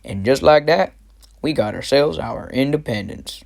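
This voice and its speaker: A man's voice: medium pitch, expressive, moderate pace, vocal fry. A young man playing a boastful, slangy tough soldier who narrates in an amateur history comedy sketch. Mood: cocky. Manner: cocky, slangy. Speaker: narrator of a flashback in a school history skit.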